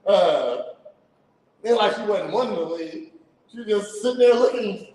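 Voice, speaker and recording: Male podcast regular, high-pitched, laughing and rambling, distant roomy sound. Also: animated, moderate pace, darkish tone. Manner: laughing, rambling, repeats himself. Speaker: podcast host. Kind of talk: casual crude storytelling. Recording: echoey room, mic far off.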